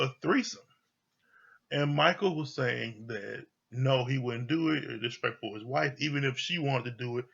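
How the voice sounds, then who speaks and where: Raspy guy ranting through a tv recap, cusses a lot, kinda muffled lo-fi sound. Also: mid-range voice. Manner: blunt, swears freely, animated retelling. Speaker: TV show reviewer. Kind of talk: casual recap commentary.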